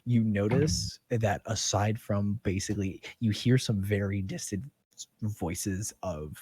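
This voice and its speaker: A man running a tabletop game as game master, narrating in a halting, filler-heavy way. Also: lowish voice, darkish tone, breathy edge, no room sound.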